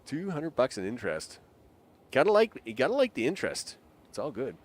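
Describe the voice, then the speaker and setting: A man's voice: mid-range voice, huge pitch swings, a little fast. A young man giving live gameplay commentary, rambling, jokey and talking to himself with chuckling asides. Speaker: game streamer.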